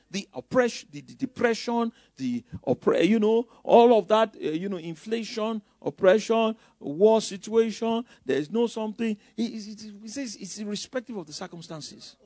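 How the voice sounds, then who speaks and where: A man preaching a sermon as pastor, with bursts of loud emphasis and mocking asides. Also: high voice, no echo, clean studio sound.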